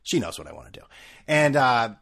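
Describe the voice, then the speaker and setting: A man's voice: medium pitch, sing-song, fairly quick, creaky, a bit bright. A man hosting a podcast, rambling through a self-mocking comic story with many restarts. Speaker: podcast host. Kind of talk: comedic storytelling.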